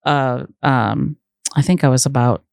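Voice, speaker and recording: A woman guest on a studio podcast, telling personal stories calmly and reflectively, with hesitant pauses. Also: very deep voice, vocal fry, clean tone, dry recording. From New England. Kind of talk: personal storytelling in conversation.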